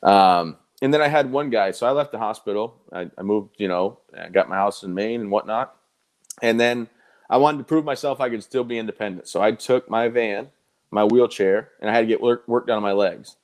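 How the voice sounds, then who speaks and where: A man who is a guest in a live interview, telling his stories in an animated, conversational way with quoted dialogue. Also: lowish voice, fairly quick. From United States.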